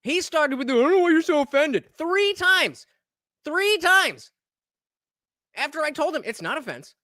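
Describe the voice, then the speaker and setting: A woman's voice: high voice, expressive, quick pace, no echo, clean studio sound. A woman hosting a live stream, heatedly commenting on a debate clip in a profane, exasperated, argumentative way. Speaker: streamer host reviewing a debate.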